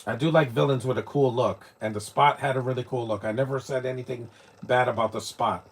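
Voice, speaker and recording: Husky opinionated man. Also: mid-range voice, fairly even intonation, fairly quick. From New York, United States. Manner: rambling, opinionated, frequent restarts. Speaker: live movie commentator. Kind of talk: casual live watch-along commentary.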